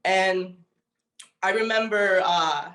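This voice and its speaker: A woman's voice: medium pitch, slow pace, fairly bright tone. Earnest woman in an echoey room. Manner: emotional, repeats "you know" often. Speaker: network marketing leader giving a testimonial. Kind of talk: heartfelt motivational testimony.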